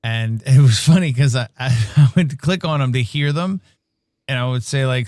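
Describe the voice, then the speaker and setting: A man's voice: medium pitch, normal speed, no echo, clean studio sound. A man co-hosting a casual podcast, telling a story with lots of laughter and acting out the voices he quotes. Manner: animated storyteller, laughs often, acts out quoted dialogue. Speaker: podcast co-host. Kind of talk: casual chat on a livestreamed podcast.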